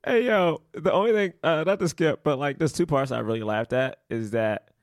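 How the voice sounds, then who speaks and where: A man co-hosting a casual movie review chat, animated, acting out lines from the film. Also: normal speed, no echo, clean studio sound. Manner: animated, acts out movie lines in high voices. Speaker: podcast co-host.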